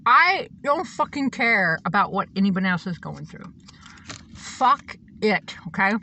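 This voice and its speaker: A self-described psychic and reverend, this woman rambles through a blunt monologue packed with profanity, ranting emphatically. Her voice is medium-pitched, expressive, a bit slow and sharp in tone, with slight background noise.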